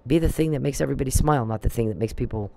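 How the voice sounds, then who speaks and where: A man's voice: medium pitch, very fast, vocal fry, dark tone, poor audio. A man delivering a preachy, emphatic religious monologue and quoting scripture.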